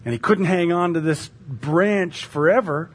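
A man's voice: fairly high pitch, a little slow, breathy edge. A male pastor praying and then preaching a sermon in a casual, storytelling way, with lots of fillers. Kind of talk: conversational sermon.

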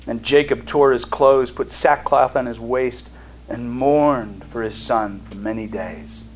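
A man teaching a Bible study in a conversational way. He reads scripture aloud and pauses to explain it, with fillers and restarts. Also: mid-range voice, a little hiss or hum, low-quality recording. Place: seated, studying notes.

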